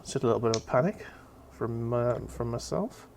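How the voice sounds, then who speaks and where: A man's voice: mid-range voice, a little fast, creaky, a crowd in the background. A man hosting a casual painting stream, chatty and loose, swearing now and then and fumbling with his setup. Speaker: stream host. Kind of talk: casual chat while painting.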